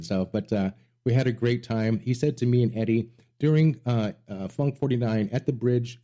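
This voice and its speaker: A man's voice: mid-range voice, normal speed, warm tone. A middle-aged man hosting a music radio show, telling rambling stories with enthusiasm. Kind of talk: casual interview chat.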